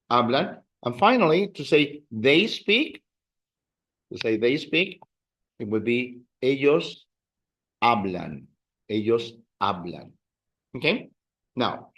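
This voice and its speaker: A man teaches Spanish in a classroom, his mid-range voice a bit bright though the highs are cut off. Slow and patient, he walks through verb endings and drills the students in call-and-response.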